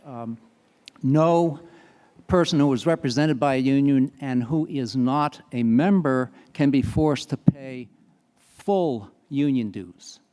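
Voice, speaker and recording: A man's voice: medium pitch, takes it slowly, mellow. A man on a panel explaining a legal point precisely. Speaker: panel speaker. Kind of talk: answering audience questions. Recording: reverberant conference hall.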